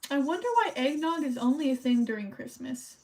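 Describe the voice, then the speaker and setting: A young woman chats casually on a stream as she decorates holiday cards. Her voice sits a little high, and she rambles and thinks aloud while she colors at her desk. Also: expressive, fairly quick, a little mellow. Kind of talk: casual chat while crafting.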